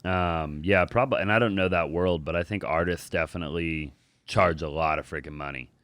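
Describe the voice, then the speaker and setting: Laid-back lower-voiced male host. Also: a little fast, fairly bright tone, dry recording. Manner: laid-back, filler-heavy, lots of "like". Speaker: show host. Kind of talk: casual interview chat.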